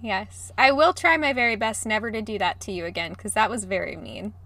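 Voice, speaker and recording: A bright-voiced woman sits close to a dry-sounding microphone, co-hosting a casual podcast from home over a video call. She keeps breaking into giggles and apologies while she chats with her friend. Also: medium pitch, a little fast, gravelly, dry recording. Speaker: podcast co-host. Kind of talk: casual chat. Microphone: podcast mic over video call.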